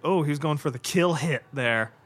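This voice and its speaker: This podcast host's voice sits a little high, moves at a normal speed and sounds fairly bright. He's giving casual live commentary while watching a movie, exclaiming, swearing and laughing, and he leans heavily on fillers like "like" and "God."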